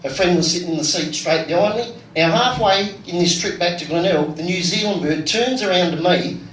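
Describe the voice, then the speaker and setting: Deadpan Australian man on a comedy stage. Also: high-pitched, brisk, a little hiss or hum. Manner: deadpan, crude punchlines. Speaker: stand-up comedian and vlogger. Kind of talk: stand-up comedy set. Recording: echoey room from far off with loud ambience.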